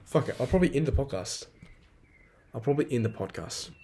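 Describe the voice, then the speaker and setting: Animated and fairly quick, a man in his 20s uses a medium-pitched voice with a dark tone and a breathy edge. He hosts a casual solo podcast, venting, rambling, and cursing freely.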